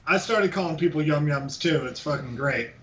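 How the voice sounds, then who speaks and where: A man's voice: a little high, expressive, normal speed, a bit bright. A man co-hosting a podcast, chatting in a laid-back, amused way, sounding dull and echoey from off mic. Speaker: podcast co-host. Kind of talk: casual podcast chat.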